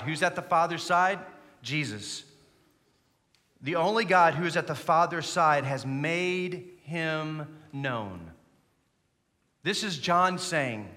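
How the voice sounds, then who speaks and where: A man's voice: fairly high pitch, sharp tone. A man, an associate pastor, preaching a sermon with earnest emphasis and inviting the congregation to recite along. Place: church sanctuary. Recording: long reverb of a church hall.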